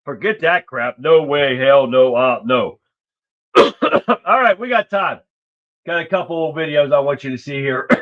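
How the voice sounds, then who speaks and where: A man's voice: fairly high pitch, animated, unhurried, long pauses. A man hosting a political livestream show, talking in a blunt, rambling, profane way. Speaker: livestream talk show host. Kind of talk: casual political commentary. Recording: dull lo-fi stream audio.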